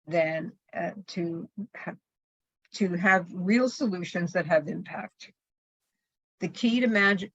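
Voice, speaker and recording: A woman with a lowish voice gives a calm, measured training talk. The sound is dull and dry, like a lo-fi recording with no room echo. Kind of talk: training presentation.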